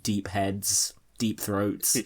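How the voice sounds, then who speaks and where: A man's voice: on the low side, completely flat delivery, extremely slow, a little mellow, slight background noise. A man hosting a comedy podcast in casual chat, rambling, swearing and laughing often. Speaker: podcast host.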